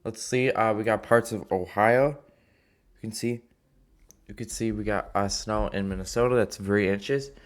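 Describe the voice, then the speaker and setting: Man, low voice, casual weather forecast, rambling, halting, filler-heavy. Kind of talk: casual weather map walkthrough.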